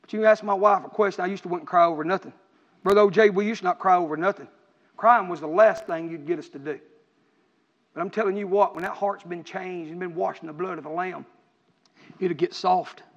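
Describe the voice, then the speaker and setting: A middle-aged man, preaching with fervor and swinging between shouts and quiet, earnest talk. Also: fairly even intonation, brisk, big-room sound, highs cut off. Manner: impassioned, rising to shouts then dropping low. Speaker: pastor. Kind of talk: preaching sermon.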